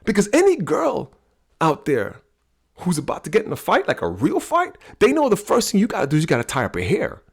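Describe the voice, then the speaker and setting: A middle-aged man hosting a talk on personality types, telling a story in an animated way. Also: high voice, brisk, vocal fry, breathy edge. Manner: animated storyteller, acts out quoted voices. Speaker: podcast host teaching personality types.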